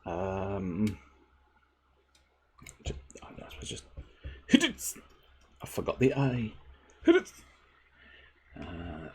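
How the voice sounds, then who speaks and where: A man's voice: deep voice, animated, very slow, pauses often, a little mellow, a little hiss or hum. A man streaming video games, chatting casually in a playful, rambling way and joking to himself. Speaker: game streamer. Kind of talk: casual gameplay commentary.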